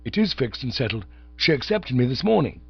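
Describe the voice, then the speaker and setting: A man voicing a bumbling, lovesick young English gentleman who gushes and pleads, in a dull, dry recording. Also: mid-range voice, sing-song, fairly quick, creaky, husky, voice pushed up, exaggerated voice. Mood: eager pleading. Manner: gushing, pleading.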